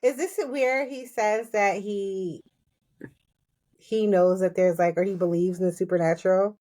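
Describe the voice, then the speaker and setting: A woman co-hosting a podcast, chatting casually and reacting quickly to her partner's recap. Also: mid-range voice, steady tone, dark tone. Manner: quick reactions, laughs and backchannels. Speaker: podcast co-host. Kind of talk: casual chat.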